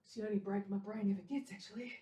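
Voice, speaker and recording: A woman's voice: medium pitch, steady tone, very fast, mellow, slight background noise. A middle-aged woman performing a chatty, self-deprecating stand-up monologue on a live stage, laughing often at her own jokes. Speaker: stand-up comedian. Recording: roomy, from a distance.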